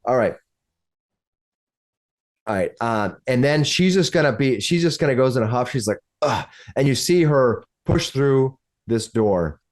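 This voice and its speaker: A man's voice: mid-range voice, animated, measured pace. A man running a tabletop game as game master, narrating with frequent restarts. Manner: rambling, many restarts.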